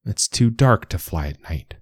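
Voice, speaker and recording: A man's voice: fairly low pitch, expressive, measured pace, husky, no room sound, clean studio sound, exaggerated voice. Man doing a rude, scornful fairy penguin. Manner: curt, scornful, bossy.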